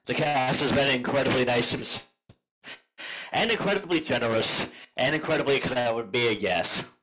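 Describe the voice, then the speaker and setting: A man's voice: medium pitch, expressive, moderate pace, fairly bright tone, low-quality recording. A man appearing as a podcast guest in casual chat, speaking hesitantly and thoughtfully.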